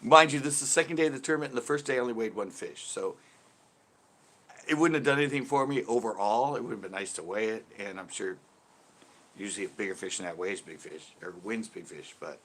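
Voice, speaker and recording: Hosting a casual livestream chat, a man with a fairly low voice talks quickly through a fishing story and reads out viewers' questions. He laughs often and becomes lively when quoting other people.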